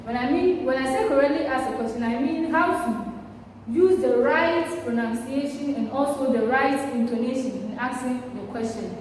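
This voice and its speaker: A woman teaching a basic lesson, speaking slowly and deliberately and stressing her words for learners. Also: high voice, darkish tone. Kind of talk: classroom language lesson. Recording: echoey room, distant mic, faint hiss.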